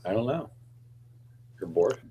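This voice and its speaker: A man's voice: fairly low pitch, expressive, a little slow, mellow, breathy edge. A man hosting a stream, chatting casually in a rambling, apologetic way. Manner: rambling, apologetic, keeps saying sorry. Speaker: stream host. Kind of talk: casual chat.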